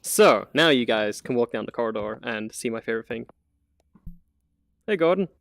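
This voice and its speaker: A man's voice: medium pitch, animated, normal speed, vocal fry, fairly bright tone, slight background noise. A man giving a casual, chatty live-stream tour of a virtual apartment he built, with lots of fillers and frequent laughs. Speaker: community manager giving a VR tour.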